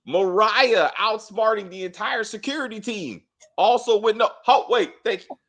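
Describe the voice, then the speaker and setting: A man co-hosting a casual spoiler review of a TV drama, talking in a blunt, animated way, cursing freely and restarting his sentences often. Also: high-pitched, moderate pace. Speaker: TV show reviewer, co-host.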